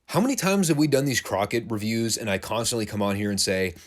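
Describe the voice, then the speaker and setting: A man with a lowish voice talks through a wrestling review in a loose, conversational way. His delivery swings widely in pitch, and he laughs and drops casual curses as he goes. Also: quick pace, hardly any pauses. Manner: animated, laughing, casual swearing. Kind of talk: casual recap commentary.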